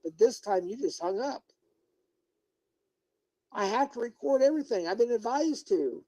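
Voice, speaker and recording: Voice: medium pitch, lively intonation, normal speed, dark tone, rough recording. A livestreamer delivering a confrontational rant at one person, scolding, lecturing and repeating questions as they press for answers.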